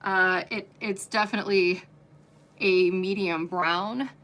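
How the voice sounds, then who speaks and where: Chatty woman host reviewing wigs, bright ringing voice, lots of um's. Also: mid-range voice, steady tone, slow pace. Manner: chatty and giggly, many fillers. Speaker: wig reviewer and shop owner hosting a livestream. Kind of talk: casual livestream product chat.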